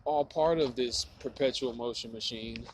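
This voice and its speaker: A man's voice: mid-range voice, normal speed, a little hiss or hum, poor audio. A man rambling in a stream-of-consciousness monologue, musing and swearing, with lots of filler words. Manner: profane, musing, heavy on filler "like". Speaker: vlogger. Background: running water.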